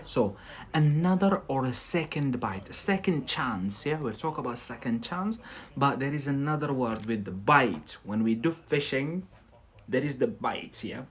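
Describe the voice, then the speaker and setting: Chatty man teaching English, slow pace. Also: medium pitch. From Scotland. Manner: chatty, repeats "yeah?" to check in with viewers. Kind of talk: live-streamed English lesson.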